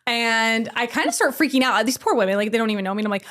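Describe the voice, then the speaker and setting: A woman in her thirties, a podcast guest, telling a story in a casual, animated way, often laughing and acting out what people said. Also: a little high, quick pace, few pauses. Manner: animated, laughing, acts out quoted voices.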